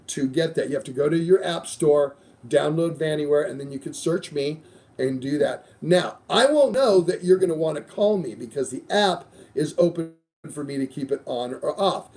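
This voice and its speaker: Gravelly-voiced man rambling through sponsor plugs. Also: fairly high pitch, mellow. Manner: loose, rambling, profane. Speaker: show host. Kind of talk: casual podcast chat reading sponsors.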